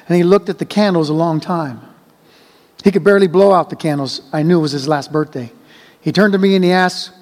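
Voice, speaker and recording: High-voiced man reading a story gently. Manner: slow, gentle, measured reading. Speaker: reader. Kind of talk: reading a child's story aloud. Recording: long hall reverb.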